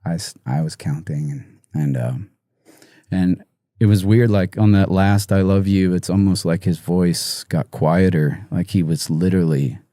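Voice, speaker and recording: A man guest on a podcast interview, talking haltingly with many fillers and restarts, emotional and choked up. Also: sits low, mellow, dry recording, studio quality. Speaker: musician guest.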